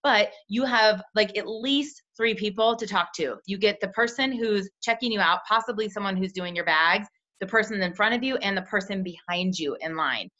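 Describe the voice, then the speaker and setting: A young woman, a team leader, coaching sales recruits in a chatty way, acting out quick bits of dialogue. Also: mid-range voice, bright, forceful tone. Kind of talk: coaching call talk. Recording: dull lo-fi call audio.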